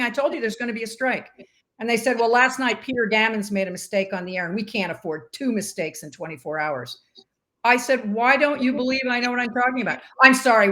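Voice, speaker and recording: An older woman, a former sportscaster and umpire, telling stories in a casual interview and acting out the dialogue. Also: medium pitch. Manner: animated storyteller acting out quoted dialogue.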